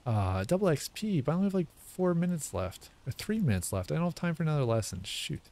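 A man's voice: fairly high pitch, big pitch swings, quick pace, darkish tone, a little hiss or hum. A man thinking aloud as he practices a language he is learning, guessing at words and correcting himself as he sounds them out. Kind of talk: casual think-aloud commentary.

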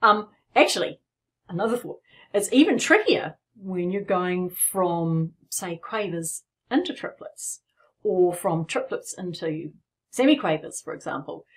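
A middle-aged woman with a lowish, expressive voice teaches piano at a measured pace. She is playful and encouraging, explaining rhythms while demonstrating them on the piano, which plays in the background.

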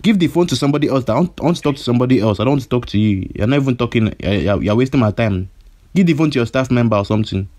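A man's voice: medium pitch, expressive, racing, darkish tone, natural voice. A prank caller voicing a hot-headed male kidnapper who stammers and repeats himself, his threats escalating. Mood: irritated. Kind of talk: prank phone call.

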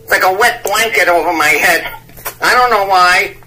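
A man's voice: high voice, normal speed, sharp tone, slight background noise. A man voicing a rambling 73-year-old man on a prank phone call, stammering and cackling while he mixes up idioms. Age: old man persona. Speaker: scam baiter.

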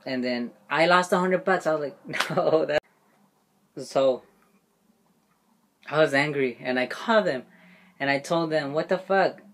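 A man's voice: a little high, a little slow, pauses often, fairly bright tone, a little hiss or hum. Profane, indignant male vlogger. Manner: profane, indignant, laughs often. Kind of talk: casual vlog rant.

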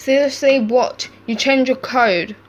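A woman reading chat stories aloud, acting out each texter with lively shifts in tone. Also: medium pitch, slow, slight background noise. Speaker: channel host reading text stories.

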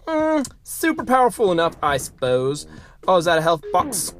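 In a loose, goofy let's play of a retro shooter, the host's mid-range voice bounces up and down at a normal speed, breaking into sudden excited yelps. He fills the pauses with silly sound effects and chatter at the enemies as soft game music plays underneath, keeping it casual gameplay commentary.

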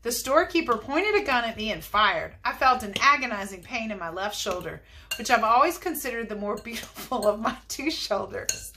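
A woman's voice: a little high, expressive, moderate pace, pushed and bright, slight background noise. Woman voicing a dignified old swan. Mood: calm. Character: old male trumpeter swan, dignified and proud.

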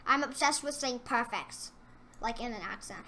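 A woman doing casual gameplay commentary for her gaming channel, excitable and trash-talking her opponents, then dropping into mumbled asides. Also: on the high side, moderate pace, slight background noise.

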